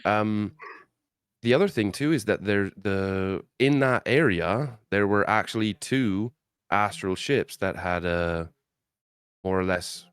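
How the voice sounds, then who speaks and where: Deep, resonant male player, rambling and easygoing, dry close mic. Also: slow, clean tone, no echo. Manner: laid-back, rambling with fillers. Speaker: tabletop player. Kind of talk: casual in-character table talk.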